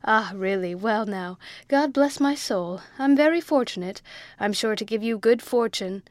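A woman doing a portly, flustered gentleman. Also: medium pitch, steady tone, measured pace, dry recording. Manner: blustering, flustered.

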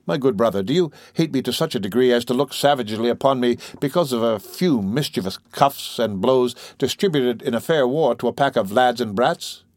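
A man reading an old novel aloud, voicing a spoiled young male scholar who talks in a coaxing, mock-innocent way, slightly higher than his narration. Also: fairly quick, hardly any pauses, darkish tone, dry recording, clean studio sound, lightly acted.

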